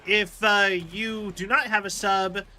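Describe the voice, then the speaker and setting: Bright high-voiced streamer man. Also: fairly even intonation, takes it slowly. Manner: rambling, explains with many fillers. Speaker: livestreamer. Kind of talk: casual game-stream chat.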